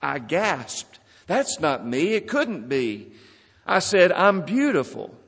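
Slow, very animated, and heavily acted, a man's slightly high, fairly bright voice carries vocal fry and a breathy edge. He voices a small clay teacup crying out and pleading in distress as it is shaped and fired, suffering before growing amazed. The sound has a long hall reverb.

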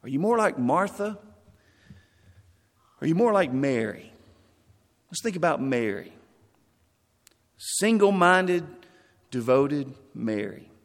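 A man preaching a sermon, expressive, acting out the quoted lines of the people in the passage. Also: mid-range voice, slow, long pauses. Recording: long hall reverb.

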